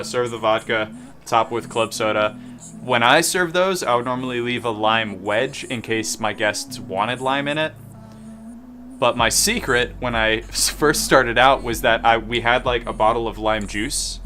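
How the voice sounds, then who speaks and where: A man in his twenties with a Southern American accent, talking in a bright, forceful voice. He rambles and cracks self-deprecating jokes as he mixes cocktails, with faint music in the background. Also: medium pitch. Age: 20s. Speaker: bartender streamer. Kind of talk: casual chat while mixing drinks.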